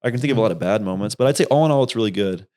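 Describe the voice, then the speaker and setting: Young male guest, low voice, rambling animated storyteller, casual and profane. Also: rapid-fire. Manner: rambling, animated, swears freely. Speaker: podcast guest, YouTuber.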